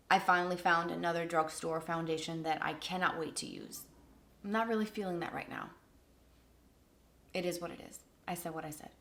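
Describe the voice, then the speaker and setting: A woman's voice: mid-range voice, sharp tone. A woman giving a candid, chatty first-impression makeup review, thinking aloud as she tries products. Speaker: beauty reviewer.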